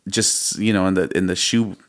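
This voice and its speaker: A man in his thirties, a music producer and podcast guest, telling his story in a lively, slangy way and calling the host bro. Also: deep voice, moderate pace. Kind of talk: casual storytelling interview.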